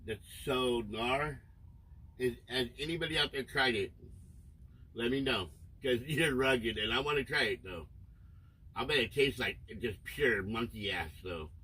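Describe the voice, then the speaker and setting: A man's voice: mid-range voice, a little slow, bright, forceful tone, husky, distant mic, low-quality recording. Crude, rambling young man livestreaming. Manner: rambling, crude joking, baby-talks to his dog. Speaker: livestream host. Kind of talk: crude casual livestream chat. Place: inside a camper van.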